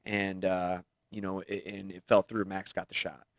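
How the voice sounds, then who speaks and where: A man's voice: sits low, flat delivery, moderate pace, dry recording. A man in his thirties, a fighter guest, talking loosely in a casual studio interview and laughing easily.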